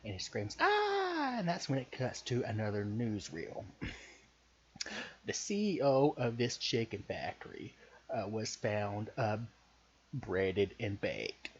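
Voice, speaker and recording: Low-voiced Southern man rambling profanely. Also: animated, slow, a little mellow, breathy edge. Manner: loose, profane, hesitant, with many fillers. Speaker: podcaster pitching a story idea. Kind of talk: casual rambling storytelling. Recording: muffled recording with faint hiss.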